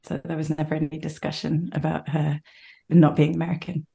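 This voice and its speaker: A woman with a posh British accent chats as an interview guest, her voice sitting low. She laughs easily and keeps her delivery animated. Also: a little fast, gravelly. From Britain. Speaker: guest voice actor. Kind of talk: casual interview chat.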